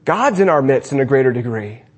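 Husky man preaching with animated swings. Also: medium pitch, a little fast. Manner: animated preaching, swinging between emphatic and hushed. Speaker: pastor. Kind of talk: sermon. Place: church sanctuary.

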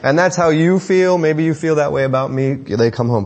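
A man's voice: a little high, moderate pace, darkish tone, slight background noise. A middle-aged man preaching a sermon to parents in a conversational, joking way, with self-deprecating asides. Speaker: pastor.

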